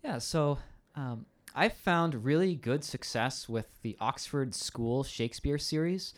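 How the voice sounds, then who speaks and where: Man explaining, mid-pitched and thoughtful. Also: takes it slowly. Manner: thoughtful, explains at length with many ums and restarts. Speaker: teacher. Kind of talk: casual conversation.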